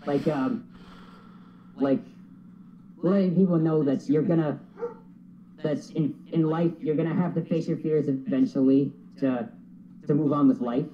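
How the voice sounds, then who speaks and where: A man's voice: a little high, measured pace, pauses often, muffled recording, slight background noise. A man answering interview questions earnestly, with plenty of hesitations and restarts. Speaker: guest.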